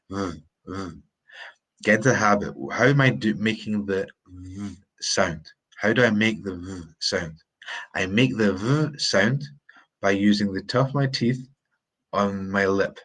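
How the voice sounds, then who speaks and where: Guy teaching english sounds on a live stream, real slow, says words over and over. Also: on the low side, fairly bright tone. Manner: repeats words slowly to drill sounds. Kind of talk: live-streamed pronunciation lesson.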